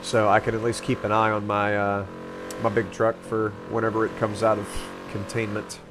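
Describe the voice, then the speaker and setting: A man's voice: on the low side, flat delivery, normal speed, over music. A young man streaming a roleplay game, chatting casually, rambling and joking with plenty of cursing. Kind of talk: casual gameplay chat.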